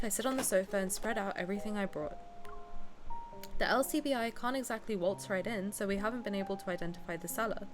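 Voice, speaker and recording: Brief: blunt, playful female streamer in her twenties reading a game aloud, clear game music behind. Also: mid-range voice. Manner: playful, blunt, chatty with viewers. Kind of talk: reading game text aloud and chatting with viewers.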